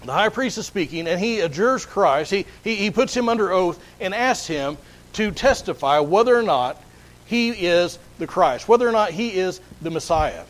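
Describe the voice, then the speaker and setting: A man's voice: high-pitched, expressive, normal speed, rough recording. A man preaching a sermon, explaining a Bible passage earnestly and often repeating words as he restarts. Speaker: pastor.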